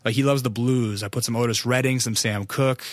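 Loose-talking American podcast host, dry sound. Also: male voice, mid-range voice, steady tone, brisk, no echo. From United States. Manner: rambling, loose and profane, lots of fillers. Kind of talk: casual podcast monologue.

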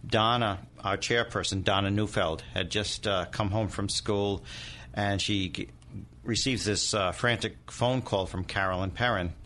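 A man's voice: on the low side, steady tone, a little slow, pushed and bright, slight background noise. A middle-aged man, a demonologist guest, telling a haunting story in vivid detail and acting out the people in it. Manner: dramatic storyteller, acts out quoted voices. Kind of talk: storytelling interview.

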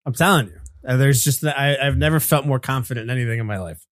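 A man's voice: medium pitch, quick pace, no room sound, studio quality. Man from New with brief teasing replies. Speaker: podcast co-host and editor. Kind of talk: casual chat.

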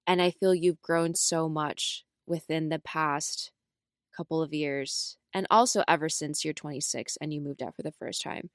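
Woman, young adult, podcast co-host, casual storytelling, smooth clear voice, dry close sound. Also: normal speed, no echo. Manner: animated storyteller, acts out quotes with big pitch jumps; frequent fillers like "like" and "right?". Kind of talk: casual chat.

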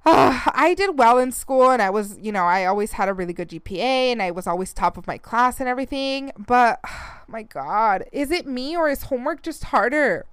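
A woman's voice: a little high, clear, resonant tone, no echo. A woman in her thirties hosting a podcast, chatting casually and animatedly and laughing often. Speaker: podcast host. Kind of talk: casual chat.

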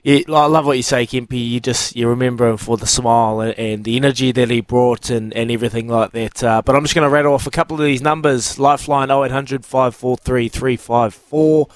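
A New Zealand man co-hosting a radio show, speaking in an earnest, brisk way. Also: mid-range voice, steady tone, no echo. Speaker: radio co-host. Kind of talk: casual radio chat. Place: radio studio.

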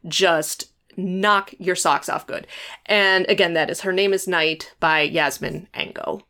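A young woman co-hosts a casual book podcast with a slightly low voice. She gushes with animated enthusiasm and laughs easily. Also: slow. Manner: gushing, animated, laughs often. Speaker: podcast co-host.

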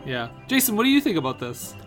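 A man's voice: high voice, sing-song, fast talker, over music. A man hosting a comedy podcast, playing the dry, teasing straight man to his co-host's antics. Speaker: podcast host. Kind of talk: casual comedic podcast banter.

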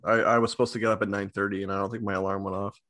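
A man's voice: on the low side, little pitch movement, racing, a bit bright, no room sound, clean studio sound. A man hosting a podcast, chatting casually and swearing now and then. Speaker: podcast host.

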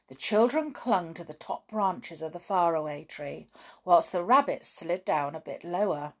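A woman reading a children's book aloud, expressive, with chatty asides. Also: fairly low pitch, unhurried. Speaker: storybook reader.

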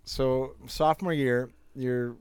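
A man's voice: medium pitch, steady tone, slow, a little mellow, smooth, dry recording. A young man in casual chat, telling rambling anecdotes with bursts of laughter and crude jokes. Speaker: storyteller.

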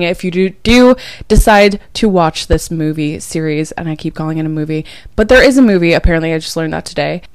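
A young adult woman hosting a casual podcast as a dating coach, chatty, emphatic and confiding, sounding low and drained after a night of crying. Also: clean tone, dry recording, studio quality. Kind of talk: casual chat.

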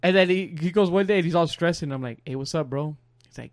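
A young man chatting on a podcast and spinning a long, meandering story, with a slightly high-pitched voice that sits close to a dry microphone. He keeps breaking into laughs and drops low whenever he quotes someone. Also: steady tone, quick pace, hardly any pauses, no echo. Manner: rambling, laughs often, quotes others in a low voice. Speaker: podcast co-host. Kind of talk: casual storytelling chat.

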